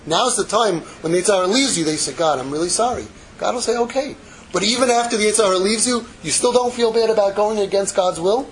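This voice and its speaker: A man giving a casual, animated Torah class, acting out little dialogues and dropping in Hebrew phrases. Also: high-pitched, fast, few pauses, slight background noise, poor audio. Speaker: Torah teacher.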